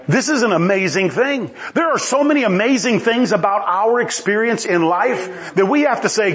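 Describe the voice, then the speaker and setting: A middle-aged man preaching a sermon in an animated, exclamatory way, acting out quoted voices. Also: sits high, normal speed, hardly any pauses. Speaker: pastor.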